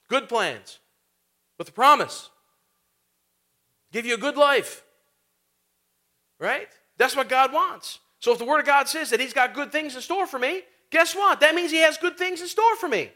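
A man preaching with a high, bright voice that rings out clearly. He keeps things conversational, tossing in rhetorical questions and casual asides between points. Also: moderate pace, pauses often. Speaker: pastor. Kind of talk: sermon.

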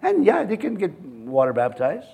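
A male pastor with a fairly high voice preaches to his congregation in a church. He mixes scripture readings with joking, chuckling asides. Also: huge pitch swings, moderate pace, creaky, mellow, breathy edge. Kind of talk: sermon.

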